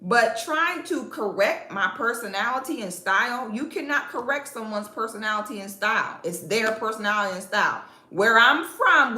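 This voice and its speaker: A sassy, profane woman from Central Florida with a Southern drawl, ranting bluntly on her live stream. Her voice is bright and forceful. The room around her is echoey. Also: fairly high pitch. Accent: Southern American, Florida. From Central Florida, USA. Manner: sassy, profane, sharp comebacks. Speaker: femininity influencer hosting a live stream.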